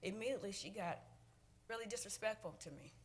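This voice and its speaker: A woman speaking at public comment during a council meeting, halting and emotional, with many fillers. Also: medium pitch.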